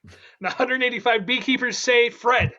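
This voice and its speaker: A man hosting an online improv comedy game, playful and quick, with laughing asides. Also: very high-pitched, fairly even intonation, sharp tone, muffled recording.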